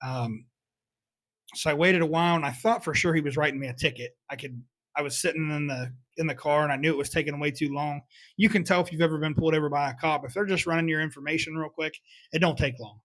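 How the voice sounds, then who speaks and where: A man's voice: fairly high pitch, fairly even intonation, quick pace, a bit bright, dry recording. A young man, hosting a podcast and candidly telling a personal story, swearing often and reflecting on his choices. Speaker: podcast host. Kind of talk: confessional solo storytelling.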